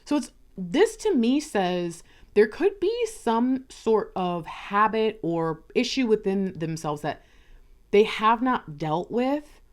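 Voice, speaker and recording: A woman's voice: medium pitch, sing-song, slow pace. A woman giving a casual tarot card reading, chatty, often acting out little conversations in other voices. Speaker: tarot reader.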